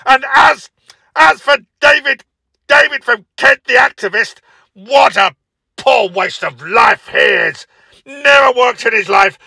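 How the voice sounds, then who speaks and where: A man playing an enraged radio caller who stammers, shouts and rants about other callers. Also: extremely high pitch, slow pace, vocal fry, husky, no echo, full character voice. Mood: furious. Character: furious male radio caller, middle-aged, hot-tempered. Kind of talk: comic phone-in sketch.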